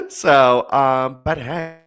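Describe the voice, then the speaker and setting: A man's voice: fairly high pitch, a bit bright. A man co-hosting a podcast in casual chat, laughing often and filling gaps with ums. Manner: chatty, laughs often, many fillers. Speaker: podcast co-host.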